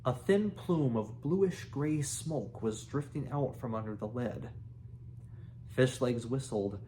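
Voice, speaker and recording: A man slowly reading a children's novel aloud, halting and correcting himself now and then. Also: mid-range voice, dark tone, slight background noise. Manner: slow, halting reading with restarts. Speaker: reader.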